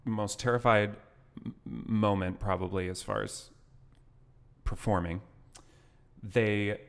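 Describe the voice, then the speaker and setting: A man's voice: fairly low pitch, fairly even intonation, slow pace, creaky, in a large hall. A young man co-hosting a podcast in casual, joking banter, recorded in the back of a gym. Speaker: podcast co-host. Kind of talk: casual chat.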